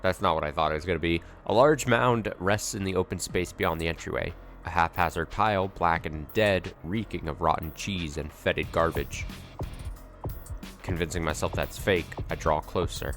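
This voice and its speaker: A man's voice: low voice, normal speed, a bit bright, soft background music. A man streaming a video game, reading its story text aloud dramatically and adding wry asides.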